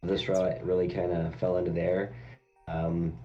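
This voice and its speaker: A man chatting about a book on a video call, laid-back and halting. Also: deep voice, level tone, dark tone, highs cut off. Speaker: guest. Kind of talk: casual book chat.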